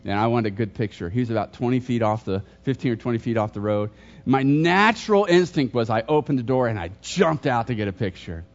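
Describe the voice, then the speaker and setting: Middle-aged pastor telling stories, dull recording. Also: male voice, mid-range voice, lively intonation, brisk. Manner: storytelling, jokes and questions to the congregation. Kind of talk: sermon.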